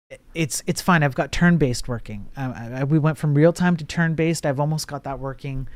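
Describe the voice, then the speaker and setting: A man's voice: mid-range voice, a little mellow, no echo. A man streaming as he codes, chatting casually and joking, often restarting his sentences. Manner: joking, rambling, trails off in restarts. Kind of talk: casual chat while coding.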